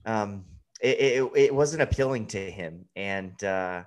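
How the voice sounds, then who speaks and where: Blunt, swearing man, low voice. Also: slow pace. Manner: blunt, swears freely, animated. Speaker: podcast guest, fantasy baseball analyst. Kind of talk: casual podcast chat.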